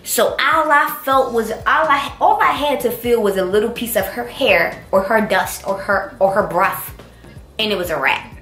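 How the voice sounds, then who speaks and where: Young woman, animated storytime, roomy echo. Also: a little high, normal speed. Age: young adult. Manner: animated, emphatic, acts out dialogue. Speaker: college student telling a story. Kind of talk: casual storytime. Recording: roomy echo with faint music.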